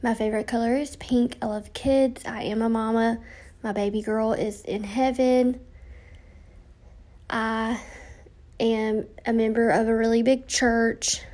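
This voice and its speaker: Speaking unhurriedly and with flat delivery, a young woman with a slightly high, darkish voice hosts a podcast. It's late at night and she's tired and yawning, casually chatting through an intro monologue from her notes with frequent ums.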